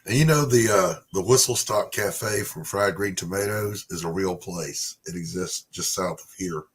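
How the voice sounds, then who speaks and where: A man hosting a casual live chat, talkative and quick to laugh. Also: low-pitched, slight background noise. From Southern United States. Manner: chatty, laughs easily. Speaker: livestream host.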